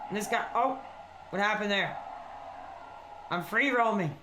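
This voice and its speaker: Excitable man streaming a game. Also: high voice, unhurried, long pauses, background noise. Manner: excitable, loud outbursts, rambling. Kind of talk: excited gameplay commentary.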